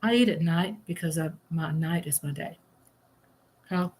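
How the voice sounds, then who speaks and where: A woman's voice: low voice, unhurried, darkish tone, slightly rough. Chatty woman live-streaming. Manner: chatty and exclamatory, eating while talking. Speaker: livestream host. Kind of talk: casual live-stream chat, reading viewer comments.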